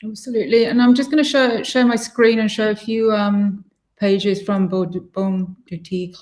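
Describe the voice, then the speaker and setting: A woman's voice: medium pitch, little pitch movement, moderate pace, darkish tone. Woman moderating a panel in an echoey room. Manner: friendly, apologetic about her French pronunciation. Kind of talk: hosting an online panel discussion.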